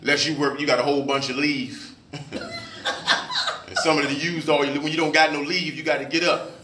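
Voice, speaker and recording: A man's voice: fairly high pitch, little pitch movement, a little fast, heavy background noise. A man, a pastor, preaching a sermon, asking his congregation questions in call-and-response style. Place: church. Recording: echoey room, mic at a distance.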